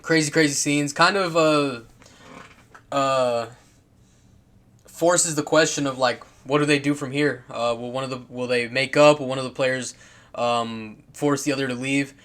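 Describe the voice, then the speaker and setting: A man's voice: medium pitch, fairly even intonation, measured pace, a bit bright. A man casually commenting on football clips, rambling and swearing, with lots of fillers, restarts and laughs.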